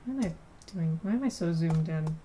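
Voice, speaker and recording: A woman streaming as a VTuber draws and chats in a brisk, mellow, low voice, with slight background noise behind her. She rambles and keeps cutting herself off with giggles.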